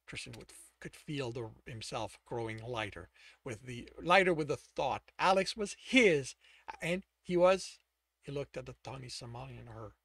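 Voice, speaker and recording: A man reading his own novel aloud, dramatic and expressive, stopping to correct himself. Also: medium pitch, moderate pace, no room sound. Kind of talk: audiobook narration.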